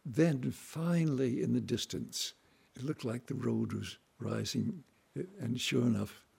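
Older guy, dark rough voice, rambling through old childhood stories, does little voices. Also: medium pitch, unhurried. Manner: leisurely anecdotal storytelling, acts out others' voices and sounds. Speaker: storyteller recalling his childhood. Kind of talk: unscripted reminiscing monologue.

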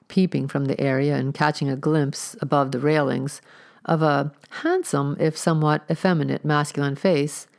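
A woman reading a period story aloud as narrator, at a measured, steady pace. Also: sits low, creaky. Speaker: audiobook reader.

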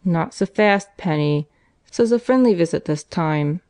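A woman's voice: on the low side, animated, moderate pace, darkish tone, dry recording, studio quality, natural voice. Woman doing a clipped, blunt male detective. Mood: brusque.

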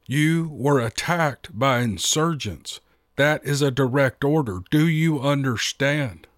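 A man's voice: mid-range voice, normal speed, dry recording, studio quality, close to an everyday voice. A man voicing a cold, stern male government official in a story, with a clipped, commanding delivery.

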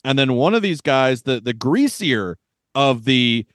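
A man in his thirties co-hosting a podcast, joking about old movies in a wisecracking, animated way and laughing often. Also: medium pitch, a little slow, dry recording, clean studio sound. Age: 30s. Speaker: podcast co-host. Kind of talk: casual movie-review chat.

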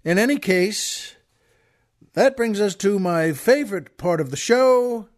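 A man's voice: high voice, expressive, measured pace. A man hosting a show, rambling with many restarts as he tells a long joke. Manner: rambling, with frequent restarts and stammers. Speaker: podcast host. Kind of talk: casual chat and joke telling.

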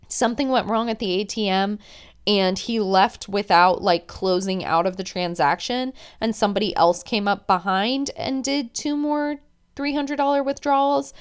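A woman's voice: medium pitch, clear, resonant tone. A young woman hosting a podcast, chatting casually and opinionatedly as she recaps a show. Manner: chatty, opinionated, many "like" fillers.

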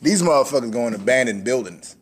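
Podcast co-host, male, lively pitch, swears and laughs a lot while recapping scenes. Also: fast talker, slight background noise. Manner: animated, laughs often, swears freely. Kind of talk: casual chat recapping a movie.

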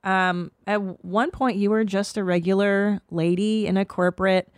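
A woman hosts her podcast in loose, animated conversation, cursing easily and acting out quotes. Her voice sits mid-range and sounds close and dry with no room around it. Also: medium pitch, smooth, dry recording. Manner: animated, swearing, quick to quote others. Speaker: podcast host. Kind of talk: casual chat.

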